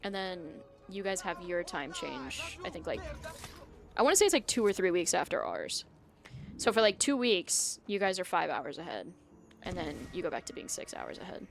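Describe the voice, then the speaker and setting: A woman's voice: lowish voice, sing-song, moderate pace, gravelly, background noise. A young woman streaming a video game, chatting with her viewers in a rambling, casual way and often losing her train of thought. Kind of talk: casual live-stream chat while gaming.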